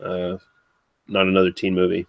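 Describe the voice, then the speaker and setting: A man's voice: deep voice, completely flat delivery, normal speed, gravelly, highs cut off. A man co-hosting a casual podcast chat, sarcastic and crude in a loose, joking way. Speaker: podcast co-host.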